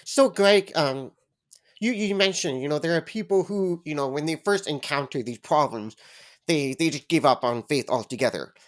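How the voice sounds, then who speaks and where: A podcast host asking a guest a question in a hesitant, halting way. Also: mid-range voice. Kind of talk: interview questions.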